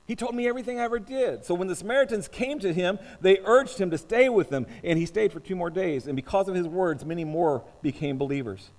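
A male preacher giving a sermon and reading scripture aloud. He stumbles over restarts, then builds to loud, emphatic passages. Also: on the high side. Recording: long reverb of a large hall.

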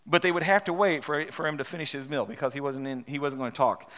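Halting preacher in a reverberant hall. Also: male voice, fairly high pitch, fairly even intonation, fairly bright tone. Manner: halting, repeats words, asks rhetorical questions. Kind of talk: storytelling sermon with read-aloud passages.

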